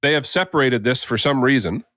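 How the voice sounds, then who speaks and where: Speaking briskly at medium pitch with no room sound, a male podcast co-host spins a long, casual story. He's animated and performs the voices of the people he quotes.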